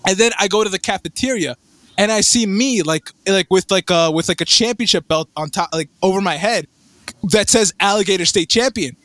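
A young man telling a rambling story in casual chat, animated and swearing, with lots of fillers and restarts. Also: high voice, a little fast, no echo.

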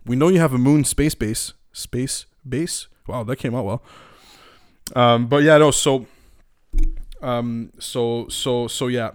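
A man's voice: mid-range voice, takes it slowly, clear, resonant tone, dry recording, clean studio sound. Rambling, swearing guy. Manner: rambling, profane, many fillers and restarts; opinionated and animated. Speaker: podcast host. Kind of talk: casual commentary.

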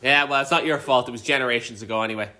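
Bright-voiced man ranting casually. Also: mid-range voice, racing. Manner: rambling, swears often, riffs into rants. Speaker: podcast co-host. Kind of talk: casual chat.

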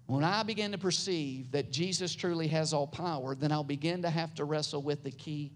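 A pastor preaching a sermon, building up into loud, high passages and then dropping to soft, low, quiet lines. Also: a little fast, slight background noise.

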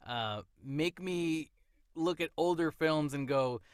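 A man co-hosting a casual movie chat, animated and playful, sometimes slipping into voices to retell scenes. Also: a little high, takes it slowly, clear, resonant tone, no echo, studio quality. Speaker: podcast co-host.

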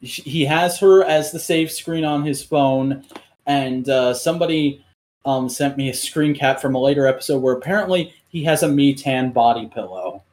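A man in casual podcast chat, retelling a show in a rambling, profane, animated way with lots of restarts. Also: medium pitch, normal speed. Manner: many fillers and restarts.

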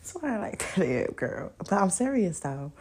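A young woman hosting a podcast, chatting casually and telling loud, animated stories full of laughter and acted-out quotes. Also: on the low side, a little slow, slightly rough. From New York and the countryside. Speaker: podcast host. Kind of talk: casual solo podcast chat.

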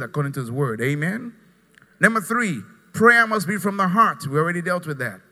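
A pastor preaching a lively sermon, acting out his congregation and calling for responses. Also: fairly high pitch, in a large hall. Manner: animated, mimics congregants, asks crowd to respond.

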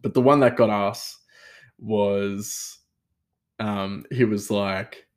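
A man's voice: lowish voice, steady tone, slow pace. A young man casually telling a story from his kitchen job, laughing often and acting out the people he quotes. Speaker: cook telling a work story.

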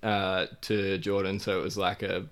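A man recounts a trip in relaxed, chatty talk. His voice sits a little low, and he strings the story together with fillers and frequent laughter. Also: moderate pace. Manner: rambling, many "like" fillers, laughing while telling. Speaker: guest. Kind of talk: casual travel story.

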